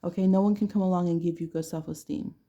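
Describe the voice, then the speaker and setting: A woman's voice: lowish voice, fairly even intonation, fast talker, mellow, muffled recording. A woman giving a casual tarot reading to camera with a blunt, playful way of talking. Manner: blunt, playful, laughs often. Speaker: tarot reader.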